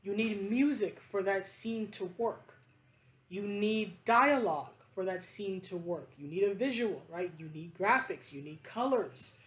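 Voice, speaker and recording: A woman's voice: mid-range voice, animated, a little slow. A woman vlogger talking in a rambling, passionate monologue, emphatic and choked up, with restarts and fillers.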